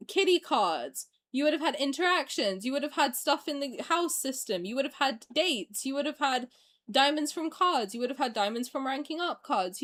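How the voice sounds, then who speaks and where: A young woman streamer ranting in a heated, profane, exasperated way during a casual reaction video. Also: high-pitched.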